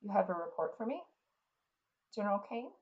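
A woman voicing a wounded older king and proud father in a measured, fatherly way, as she reads a fantasy novel. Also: mid-range voice, sing-song, muffled recording, lightly acted.

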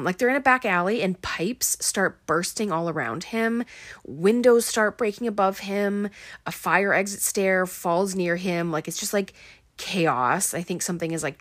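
A woman's voice: fairly low pitch, fairly bright tone, dry recording, clean studio sound. A young woman casually recapping a film, chatty and full of fillers.

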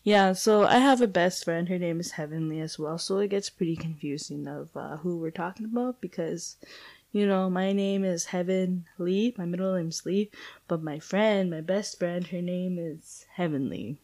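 Young woman, casual solo podcast, rambling and chatty, lowish voice, lots of "like". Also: moderate pace, darkish tone. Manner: rambling and chatty, heavy use of "like", casual swearing. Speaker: podcast host.

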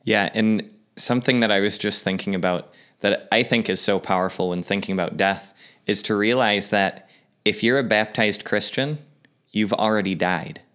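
A lower-voiced man on a casual faith podcast, earnest and reflective. He lays out his points deliberately, in a calm conversational tone. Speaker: podcast co-host.

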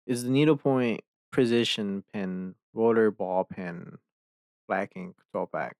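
A young man hosting a podcast, chatting casually and ranting with heavy profanity, quickly exasperated. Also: lowish voice, a little mellow, no room sound. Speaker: podcast host. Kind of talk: casual chat.

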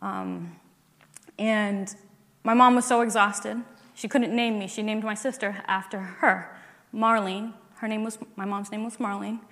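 A woman's voice: mid-range voice, steady tone, unhurried, fairly bright tone, big-room sound. A woman giving a personal faith testimony in an earnest way, building up to emphatic declarations.

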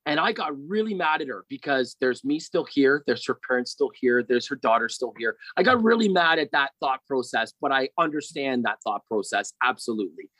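A man's voice: medium pitch, lively intonation, brisk, hardly any pauses, a bit bright, no echo, poor audio. A middle-aged man telling a personal story as a podcast guest, rambling and often checking in with "right?".

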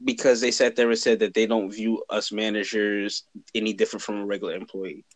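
A man's voice: lowish voice, little pitch movement, a little fast. Young guy chatting blunt and chill, cusses a lot, dry sound no room echo. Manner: blunt, laid-back, swears freely. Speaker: podcast co-host, cousin. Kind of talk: casual chat.

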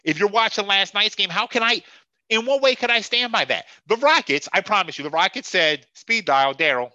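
A man's voice: high voice, expressive, a little fast, sharp tone, no echo, highs cut off. A man hosting a sports podcast who rants in a profane, sarcastic and heated way. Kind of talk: casual sports rant.

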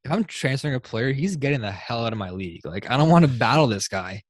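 A young man hosting a casual sports podcast, talking in animated bursts and laughing often. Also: mid-range voice, dry recording. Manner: animated, laughing, fast bursts when excited. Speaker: podcast host.

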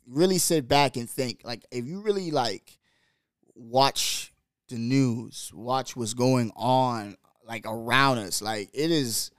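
A man hosting a show, talking casually and emotionally, pausing and choking up, close to tears. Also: mid-range voice, clear, resonant tone, no room sound. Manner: casual, slangy, halting and emotional. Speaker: host. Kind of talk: emotional personal talk.

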